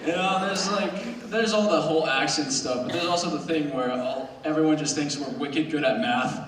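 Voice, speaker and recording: A man's voice: fairly high pitch, normal speed, background noise. Teen boy doing stand-up in an echoey hall. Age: teens. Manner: casual, rambling, self-mocking, with brief put-on voices. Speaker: student stand-up comedian. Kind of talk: stand-up comedy set. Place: school auditorium stage. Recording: very echoey hall recorded from far off.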